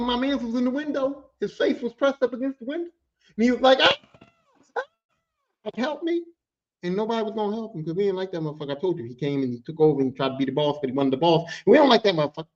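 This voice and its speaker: A man's voice: high-pitched, rapid-fire. A man telling a workplace story in casual, profane talk, acting out the voices of the people in it. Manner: profane, animated, acts out quoted people. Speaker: podcast host telling a story. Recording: dull lo-fi sound.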